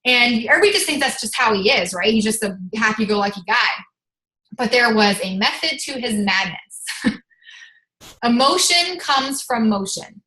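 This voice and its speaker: A woman leading a motivational team call as a fitness coach. She is energetic and chatty, scatters "like" through her talk and swears casually. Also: on the high side, moderate pace, long pauses, echoey room, rough recording.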